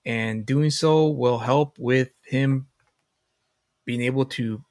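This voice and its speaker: This man hosts a laid-back comic livestream in a dry, close sound. His pitch sits in a middle range for a man. He talks easily, often stumbling and restarting his phrases. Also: slow pace, a little mellow, no echo. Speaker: host. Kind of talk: casual livestream chat.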